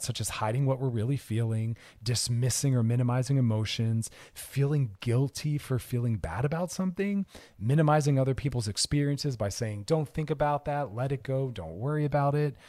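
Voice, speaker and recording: Male podcast host, mid-pitched, earnest and emphatic, dry close mic. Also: a little mellow, no room sound. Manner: earnest, emphatic, repeats key phrases. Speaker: podcast host answering listener messages. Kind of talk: casual explanatory talk.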